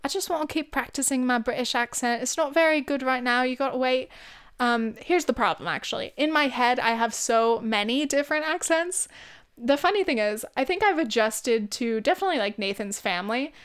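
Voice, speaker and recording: A woman's voice: sits high, lively intonation, a little fast, smooth. A young woman with a Californian accent rambling and swearing freely in a casual chat, speaking close to the mic. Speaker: vlog host.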